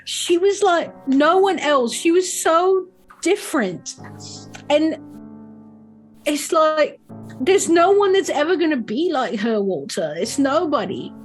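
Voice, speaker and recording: A man's voice: extremely high pitch, sing-song, takes it slowly, a bit bright, faint music behind, heavily acted, rough recording. A woman voicing a drunk, heartbroken young man with a Cockney accent. The voice is slurred and pleading. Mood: tearful longing.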